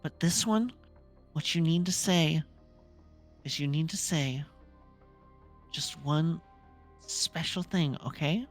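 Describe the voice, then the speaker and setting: A woman voicing an earnest little female pixie who talks softly and coaxingly. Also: deep voice, slow pace, pauses often, faint music behind. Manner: soft and coaxing, gently pleading.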